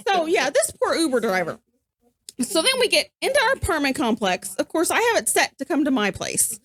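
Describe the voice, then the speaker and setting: A woman, co-hosting a podcast and telling a story in casual chat, animated and acting out what people said. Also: high-pitched, a little fast. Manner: animated, acts out quoted voices. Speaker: podcast co-host.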